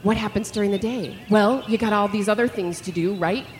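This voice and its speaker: A middle-aged woman leading a live audience through bird calls, explaining and imitating them with animated energy. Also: mid-range voice, fairly quick. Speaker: bird call teacher. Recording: hall reverb, faint noise.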